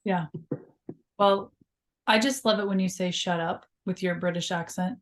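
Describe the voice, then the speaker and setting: A woman's voice: medium pitch, fairly even intonation, moderate pace, slight background noise. A woman co-hosting a casual chat, playful and laughing easily. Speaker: co-host.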